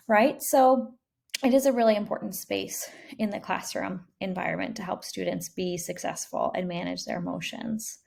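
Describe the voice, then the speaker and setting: A woman's voice: medium pitch, fairly even intonation, normal speed, creaky, a little mellow. A kindergarten teacher, a woman, gives practical classroom advice in a reassuring, casual way.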